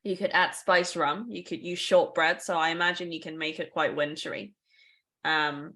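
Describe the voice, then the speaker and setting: A woman's voice: low voice, little pitch movement, moderate pace, bright, forceful tone. A woman co-hosting a casual podcast, explaining things in a chatty way with asides and small laughs. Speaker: podcast co-host.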